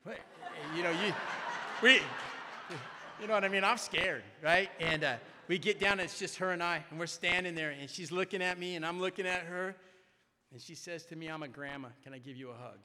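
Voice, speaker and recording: A man speaking at a recovery meeting, telling a personal story in an animated way and often tagging his sentences with "right?". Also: high voice, normal speed, background noise. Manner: animated, keeps asking "right?". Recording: echoey hall reverb.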